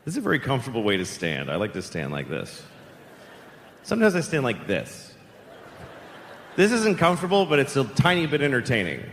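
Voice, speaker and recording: A middle-aged man from the Boston area doing stand-up comedy in a deadpan, sardonic, conversational way. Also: medium pitch, fairly quick, long pauses, in a large hall, slight background noise. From Boston area, United States.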